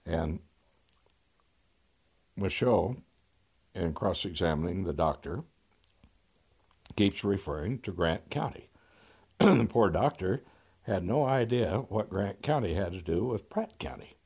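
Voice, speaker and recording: Older male lawyer, raconteur, deep husky voice, dry wit, throat-clearing. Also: animated, takes it slowly, pauses often, darkish tone. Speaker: trial lawyer. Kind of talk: anecdotal storytelling.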